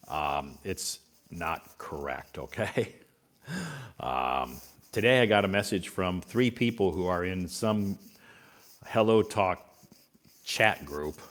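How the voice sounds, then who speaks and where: Deep-voiced male English teacher, easygoing live-stream chat, repeats points to reassure viewers. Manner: relaxed, repetitive, reassuring.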